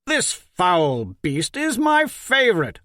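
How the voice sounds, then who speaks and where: A man voicing an arrogant, cruel lord who speaks with loud, commanding scorn, in an audiobook. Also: sits high, very animated, takes it slowly, no echo, clean studio sound, voice pushed up, full character voice. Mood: scornful.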